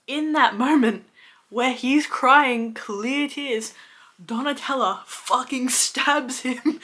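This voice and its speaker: A young woman in her twenties tells the plot of a book series in a lively, exasperated way and swears freely. Her voice is bright and sits a bit high. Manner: animated, exasperated, swears often. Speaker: book reviewer. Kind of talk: casual book recap.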